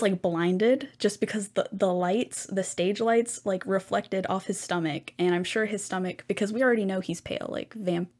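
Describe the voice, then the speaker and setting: A young woman hosting a solo podcast, chatting casually and rambling with lots of ums and side comments. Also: mid-range voice. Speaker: podcast host.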